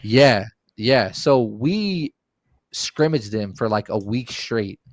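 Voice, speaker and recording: Man, podcast storyteller, profane, animated, dry close sound. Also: mid-range voice, slow, no room sound. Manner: animated, profane, acts out quotes. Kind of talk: casual storytelling chat.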